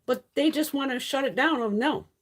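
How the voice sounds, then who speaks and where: A woman's voice: high-pitched, moderate pace. A woman hosting a casual live stream chat, ranting with frequent swearing and laughing often. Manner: profane, ranting, exasperated.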